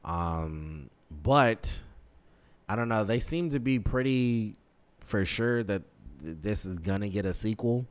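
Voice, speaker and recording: A man with a very low voice talking casually on a podcast. He sounds laid-back, swears freely and trails off into fillers as he thinks. It is loose, unscripted chat. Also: animated, slow pace, clear, resonant tone.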